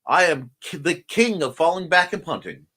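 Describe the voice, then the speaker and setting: A man runs a laid-back morning livestream from a room at home, and he sounds sleepy between yawns. His voice sits a little high for a man. He rambles and jokes, greeting viewers one by one as he reads their messages. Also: animated, normal speed, pushed and bright. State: sleepy, yawning. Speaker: host of a morning livestream show. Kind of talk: casual livestream chat reading comments.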